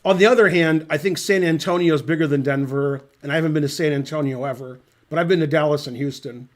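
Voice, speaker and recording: A man's voice: a little high, fast talker. A middle-aged man doing casual live chess commentary, wandering off into dry, rambling anecdotes between moves. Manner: rambling, dry, digressive storytelling.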